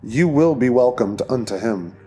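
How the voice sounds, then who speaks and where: A man voicing a calm, menacing male cult leader in an audiobook, speaking in a slow, soothing, coldly controlled way. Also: medium pitch, soft background music, close to an everyday voice.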